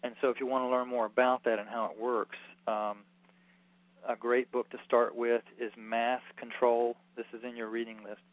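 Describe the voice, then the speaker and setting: A man's voice: mid-range voice, level tone, moderate pace, no room sound. A man giving a rambling, earnest informal lecture as a healing workshop teacher, full of fillers. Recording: tinny phone-like recording.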